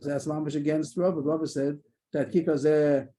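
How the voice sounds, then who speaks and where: A man leads a Talmud study session over a video call, thinking out loud in a hesitant way with many restarts and quick asides. His voice is fairly high and warm, with fairly even intonation.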